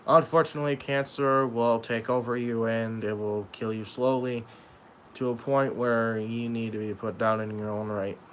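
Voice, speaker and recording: A young man talking in an emotional vlog monologue, halting and repeating himself as he speaks of loss. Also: medium pitch, little pitch movement, a bit bright, slight background noise, low-quality recording. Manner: halting, repeats and restarts, sad. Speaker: YouTuber.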